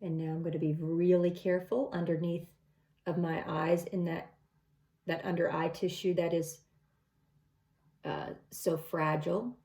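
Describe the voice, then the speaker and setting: A woman's voice: lowish voice, level tone, a little slow, long pauses, dark tone. A middle-aged woman talking through a makeup tutorial step by step in a casual, chatty way. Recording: echoey room.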